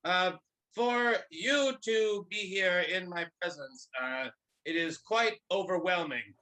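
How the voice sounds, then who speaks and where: A man doing an improv bit as a stiff, logical Vulcan gardener, formal and halting. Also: high-pitched, bright, forceful tone, heavily acted, poor audio. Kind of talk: improv comedy scene.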